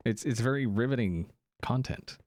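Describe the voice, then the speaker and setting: A man's voice: mid-range voice, normal speed, slight background noise. A man streaming casually while gaming, rambling and interrupting himself as he chats. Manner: rambling, animated, self-interrupting.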